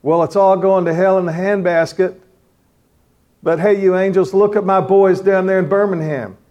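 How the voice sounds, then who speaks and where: A man voicing God as a male figure who is exasperated but proud of his kneeling men, higher and louder than his preaching voice. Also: steady tone, normal speed, muffled recording, lightly acted.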